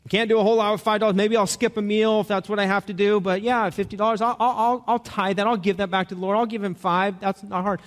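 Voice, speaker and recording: A man's voice: high-pitched, level tone, quick pace, hardly any pauses, in a large hall. A man preaching a sermon to a congregation, talking in a conversational way and asking them questions. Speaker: pastor.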